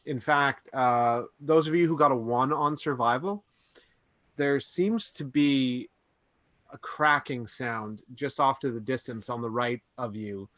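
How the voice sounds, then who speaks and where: A man serves as game master for a tabletop session, talking casually with frequent fillers and restarts. His voice sits at an average pitch, recorded dry with no room sound. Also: unhurried, a bit bright, no echo. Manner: casual, hesitant narration with fillers. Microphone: home microphone on a stream.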